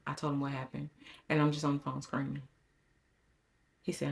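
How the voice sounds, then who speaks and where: A woman's voice: low-pitched, fairly quick, creaky, pauses often. A middle-aged woman, talking to viewers in a casual vlog, telling a story dramatically with repeated phrases while her voice trembles. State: shaken, voice trembling. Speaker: lifestyle vlogger.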